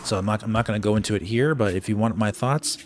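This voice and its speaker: A man's voice: lowish voice, fast talker, slight background noise. A man giving casual live commentary as he plays a game, thinking aloud with lots of fillers and restarts. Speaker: gaming streamer. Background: game music.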